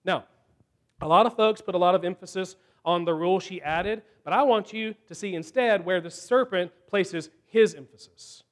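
A man preaching a sermon, slow and emphatic, with dramatic pauses between phrases. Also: high-pitched.

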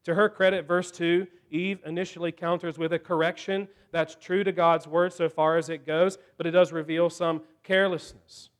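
A man preaching a sermon, slow and emphatic, with dramatic pauses between phrases. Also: on the high side, little pitch movement.

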